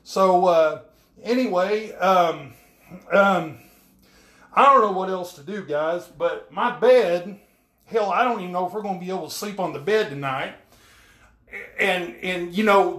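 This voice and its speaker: A man's voice: high-pitched, unhurried, a bit bright. A man, rambling folksy jokes in a home-repair vlog, soaked and frustrated. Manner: folksy, rambling, keeps asking "all right?". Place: small bathroom. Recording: echoey bathroom.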